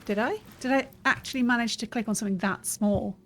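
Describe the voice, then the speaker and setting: Speaking quickly in a fairly high voice, a streamer reads fantasy-game dialogue options aloud and comments casually as she plays. It's laid-back let's-play talk, with faint noise in the background.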